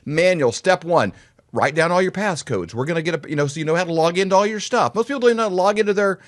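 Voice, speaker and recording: A man who is a guest on a podcast, speaking in a relaxed, plain-spoken way. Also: high-pitched, racing. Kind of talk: casual chat.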